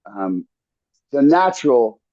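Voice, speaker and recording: A man's voice: medium pitch, very animated, slow pace, dark tone, no room sound, lo-fi sound. A man talking earnestly in a casual podcast conversation, coaching listeners with frequent restarts and asides. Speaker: podcast host.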